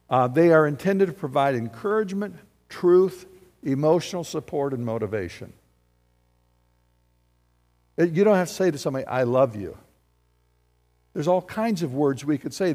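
A man, a pastor preaching a lively, conversational sermon full of rhetorical questions. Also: a little high, long reverb tail.

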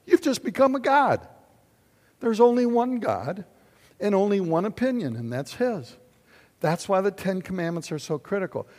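An older man preaching a sermon in a church, animated and questioning his congregation. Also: sits high, normal speed. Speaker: pastor. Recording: long hall reverb.

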